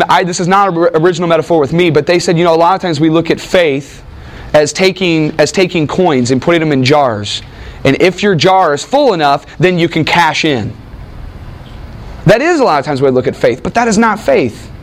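Male Bible teacher, high-pitched, casual classroom lecture with rhetorical questions. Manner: conversational, asks rhetorical questions.

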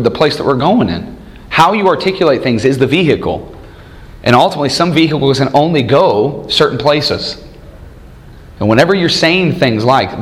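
A man in his thirties leading a church study group, teaching with many rhetorical questions and frequent chuckles. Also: medium pitch. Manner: chuckles often while telling stories.

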